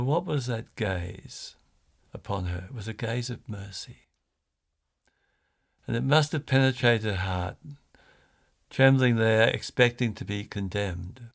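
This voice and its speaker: Male priest, gravelly voice, sermon; storytelling delivery, restarts and fillers. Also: on the low side.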